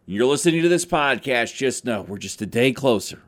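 A man's voice: mid-range voice, lively intonation, moderate pace, fairly bright tone. A man hosting a daily sports podcast from a radio station studio, rambling and self-deprecating, with a tone that can sound serious, almost angry. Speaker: podcast host. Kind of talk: casual sports podcast talk.

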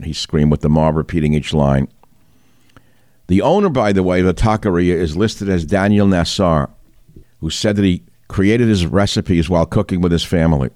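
A man's voice: low-pitched, normal speed, darkish tone, dry recording, studio quality. A man hosting a talk show, delivering combative, indignant news commentary and firing rhetorical questions at the listener. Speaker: talk radio host.

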